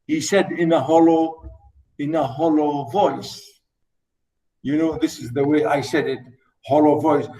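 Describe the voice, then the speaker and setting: A man with a high voice teaches a short story, taking his time over every line. He reads a passage aloud, then goes back over it in plain words, leaning on "you know" as he explains. Now and then he acts out a character's line in a loud, high burst. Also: measured pace, low-quality recording. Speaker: literature lecturer.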